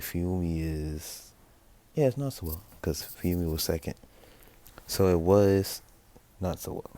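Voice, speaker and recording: A man's voice: deep voice, creaky, a little mellow. A young man casually narrating an improvised fan story, rambling and correcting himself with lots of fillers.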